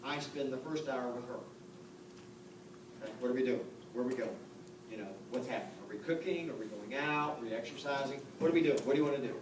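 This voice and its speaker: A man's voice: medium pitch, quick pace. A man in his fifties, a real estate coach giving a live seminar talk to an audience, conversational and joking, full of rhetorical questions. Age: 50s. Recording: echoey room, distant mic, noticeable background noise.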